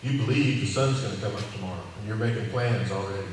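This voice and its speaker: Folksy preacher in an echoey hall. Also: male voice, lowish voice, fast, a little hiss or hum. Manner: folksy, conversational, repeats phrases for emphasis. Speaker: cowboy church preacher. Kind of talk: informal sermon. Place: church hall. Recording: echoey hall, distant mic, faint ambience.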